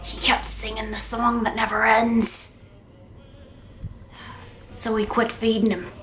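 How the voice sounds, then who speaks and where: Young woman host, whispered role-play as a playful pirate, slow and hushed, with music behind. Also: a little high, level tone, poor audio. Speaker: art channel host.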